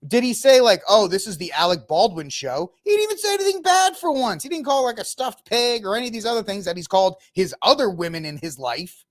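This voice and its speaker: A man's voice: very high voice, fast talker. A man in his thirties from Texas, hosting an opinionated reaction commentary with mocking asides. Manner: animated, opinionated, mocking impressions. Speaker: commentary host.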